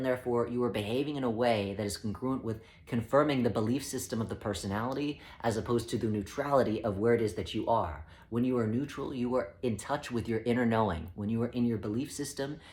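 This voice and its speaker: Man, calm measured spiritual teacher, even mid-range voice. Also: medium pitch. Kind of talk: spoken teaching talk.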